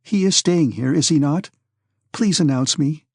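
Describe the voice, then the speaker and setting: A man voicing an anxious, pleading middle-aged noblewoman who speaks in gentle, imploring tones in an audiobook. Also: a little high, measured pace, slightly rough, no room sound, clean studio sound.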